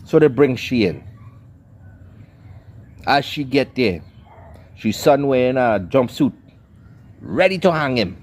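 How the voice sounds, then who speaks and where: A man's voice: medium pitch, animated, a little slow, long pauses, darkish tone, slight background noise. A man giving a scolding, preacherly commentary rant. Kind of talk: ranting commentary monologue.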